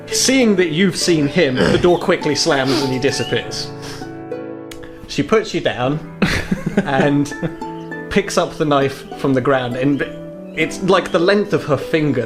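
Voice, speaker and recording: A man running a tabletop role-playing game as game master, narrating in a chatty, rambling way with lots of fillers. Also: a little high.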